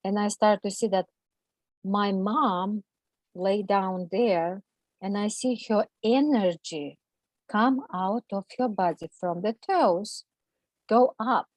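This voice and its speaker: A woman's voice at a middle pitch, recorded dry and close with almost no room sound. She talks haltingly and with feeling, in imperfect non-native English. She restarts often and leans on fillers as she tells a personal story as a guest. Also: no room sound, rough recording. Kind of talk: personal account in an interview.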